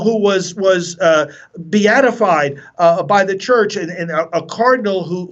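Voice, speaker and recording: Priest guest, high male voice, impassioned and preachy, stumbling restarts, dull lo-fi sound. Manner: forceful, preacherly, repeats words when starting sentences. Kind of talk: impassioned radio interview.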